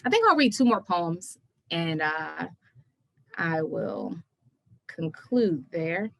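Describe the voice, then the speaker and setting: Low-voiced woman reading poetry. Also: sing-song, creaky, no room sound. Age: young adult. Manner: measured, emphatic reading with rising intensity on questions. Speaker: poet reading her work. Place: home, virtual event. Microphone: video call.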